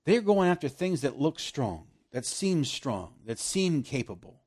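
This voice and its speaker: A man preaching a sermon, swinging from loud emphasis down to hushed, almost whispered lines. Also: a little high, big pitch swings, unhurried, breathy edge.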